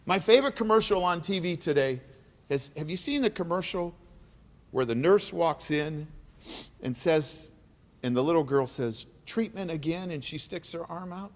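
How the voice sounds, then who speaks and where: A man's voice: on the high side, animated, normal speed. A middle-aged man giving an emotional, earnest keynote speech at an awards dinner, repeating phrases for emphasis. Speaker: keynote speaker. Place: large banquet hall. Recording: reverberant banquet hall.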